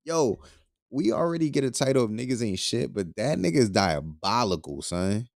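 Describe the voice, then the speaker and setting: A man's voice: mid-range voice, sing-song, normal speed, gravelly, darkish tone, no echo, clean studio sound. A young man hosting a casual podcast, talking loosely with lots of profanity and laughing between lines. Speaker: podcast host. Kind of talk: casual solo podcast commentary.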